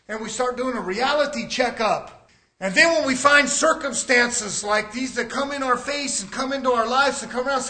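An older man preaching a sermon, swinging between shouted questions and quiet asides. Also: very high-pitched.

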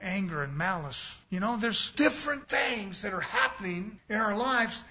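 Brief: male pastor, fervent and folksy, rising to loud bursts, dropping to hushed asides, higher bright tone. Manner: impassioned, swings between loud emphasis and quiet asides; folksy, homespun examples. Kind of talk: sermon. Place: church sanctuary.

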